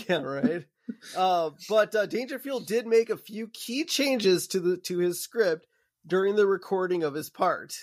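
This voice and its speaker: High-voiced man sharing trivia. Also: expressive, a little slow. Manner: laid-back, shares trivia and short agreeing replies. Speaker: podcast co-host. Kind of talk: casual chat.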